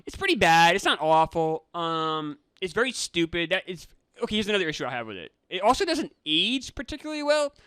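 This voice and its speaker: A man co-hosting a casual podcast, incredulous and teasing, with quick asides. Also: high-pitched, sing-song, pushed and bright, clean tone, no room sound. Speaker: co-host, film reviewer.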